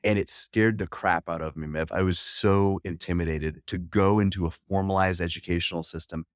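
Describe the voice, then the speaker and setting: Low-voiced man telling a candid story. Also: steady tone, normal speed, dry recording, clean studio sound. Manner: earnest and candid, with frequent restarts. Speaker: podcast guest, wealth management coach.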